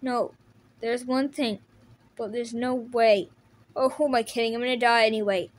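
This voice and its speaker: A woman's voice: fairly high pitch, steady tone, moderate pace, close to an everyday voice. A woman voicing a wounded, desperate teenage boy turtle who talks in pained, breathless bursts. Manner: breathless, pained, whispering at times. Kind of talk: fan audio drama voice acting.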